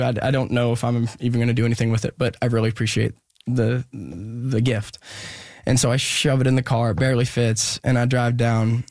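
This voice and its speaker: A young man telling a personal story in an interview, halting and earnest with many pauses and restarts. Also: medium pitch, a little mellow, dry recording, clean studio sound. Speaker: guest musician.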